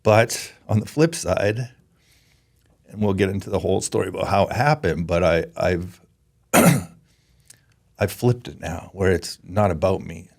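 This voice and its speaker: This podcast guest is a former professional hockey player from Canada in his forties, talking candidly in an interview. His low, creaky, darkish voice moves at a measured pace with frequent pauses, and he is earnest and emotional, often stopping and starting over.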